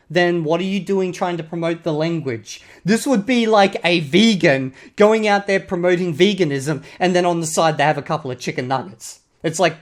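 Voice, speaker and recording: A mid-pitched Australian voice talking through online comments in a loose, casual vlog style. The speaker is blunt and swears often, driving points home with a pushy "okay?" at the end of lines. The delivery sounds like an opinionated young adult thinking aloud. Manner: blunt and profane, repeatedly drops a prodding "okay?". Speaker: YouTuber critiquing online comments.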